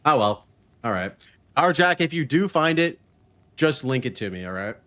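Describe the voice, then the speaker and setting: A man's voice: medium pitch, very animated, moderate pace, a bit bright. A man streaming a video game, chatting casually, joking and laughing often as he reads chat messages aloud.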